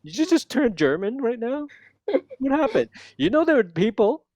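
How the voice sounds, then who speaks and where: A man coaching a student one on one, modeling lines slowly and repeating them with lively energy. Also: very high-pitched, no room sound. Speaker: accent coach. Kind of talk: one-on-one language lesson.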